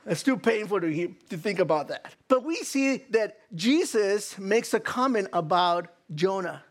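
High-voiced, stammering male preacher. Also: unhurried. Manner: animated, stammering restarts, rhetorical questions. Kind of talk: sermon.

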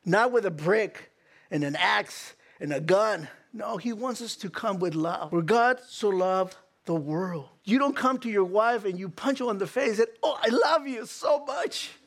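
A male preacher with a high voice delivers an animated sermon. He stammers and restarts often. He keeps throwing rhetorical questions at his listeners. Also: a little slow, vocal fry.

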